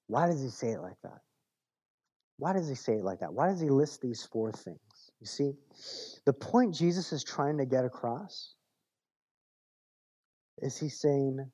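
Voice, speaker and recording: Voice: medium pitch, animated, normal speed, dark tone, lo-fi sound. A pastor preaching a sermon, building long rhythmic lists, asking rhetorical questions and reading scripture aloud.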